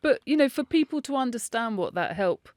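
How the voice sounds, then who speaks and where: A woman's voice: a little high, animated, a little fast, darkish tone, dry recording. Woman, podcast co-host, casual chat, chatty, dry room. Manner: chatty, laughs often, swears casually.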